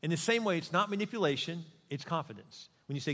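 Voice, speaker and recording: A middle-aged man preaches a sermon in a conversational, animated way, slipping into acted quotes. His voice sits a little high, and the sound carries a long reverb from a large church hall. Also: quick pace. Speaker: pastor.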